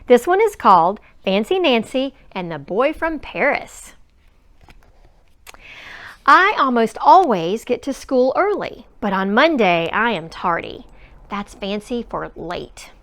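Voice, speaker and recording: Woman, children's storybook read-aloud, expressive, very lively pitch, slow unhurried pace. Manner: expressive, animated, with gasps. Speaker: storybook reader.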